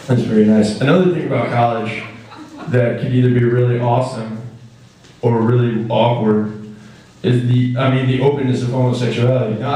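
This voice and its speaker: A young man performing a stand-up comedy set, rambling and acting out characters in quick put-on voices. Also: medium pitch, warm tone. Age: young adult. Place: comedy stage in a hall. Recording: echoey hall, mic far off.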